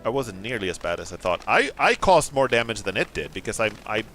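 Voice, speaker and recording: Man, game streamer, excitable commentary, swearing, animated pitch, faint music behind. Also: brisk. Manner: excitable, bursts into laughter, swears. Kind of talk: let's play commentary.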